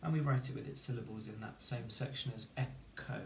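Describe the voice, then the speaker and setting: A man leads a children's phonics lesson, sounding out each word sound by sound in a slow, deliberate way. He is heard from some distance, in a roomy space with a faint hum of ambience behind him. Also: medium pitch, steady tone. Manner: slow, clear sounding-out of syllables. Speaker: teacher.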